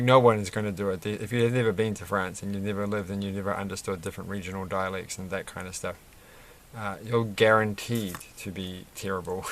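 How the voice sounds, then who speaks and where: A man's voice: lowish voice, fairly bright tone, a little hiss or hum. A man chatting casually and rambling as he builds a Lego set at his desk, with lots of fillers and restarts. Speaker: Lego reviewer. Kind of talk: casual chat while building.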